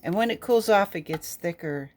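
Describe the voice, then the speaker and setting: A woman's voice: lowish voice, animated, normal speed, a little mellow. A woman home cook chatting casually about a stew and telling a story in a homey, rambling way. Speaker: cooking vlogger. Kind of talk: casual cooking chat and storytelling.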